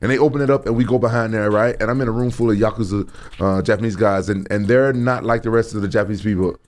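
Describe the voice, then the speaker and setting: A man telling a story in a casual chat, animated and profane, often repeating himself. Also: on the low side, fast talker. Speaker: podcast guest.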